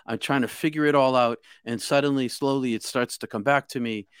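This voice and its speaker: A man recounting his near-death experience as an interview guest, halting with many restarts and repeated words. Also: medium pitch, steady tone, smooth, no echo, studio quality. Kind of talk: emotional first-person storytelling.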